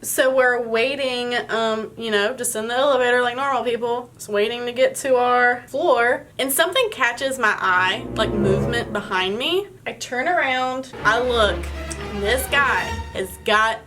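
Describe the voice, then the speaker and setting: A woman's voice: a little high, a little slow, over music. A young woman telling a story in a casual vlog while doing her makeup, chatty and full of fillers. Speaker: beauty vlogger.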